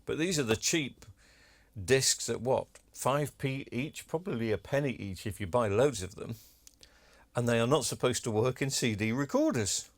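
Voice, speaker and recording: Male, repair vlogger, chatty and cheeky, mid-pitched, dry room. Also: animated, moderate pace, dry recording. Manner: chatty, self-deprecating, cheeky asides. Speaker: electronics repair video maker. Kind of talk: casual demo talk to camera.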